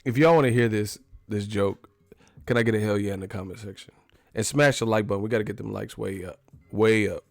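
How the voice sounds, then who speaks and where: Profane animated boxing streamer guy. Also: fairly low pitch, a little fast, gravelly, no echo. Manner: animated, profane, laughing riffs. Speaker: boxing channel host. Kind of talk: casual live-stream commentary.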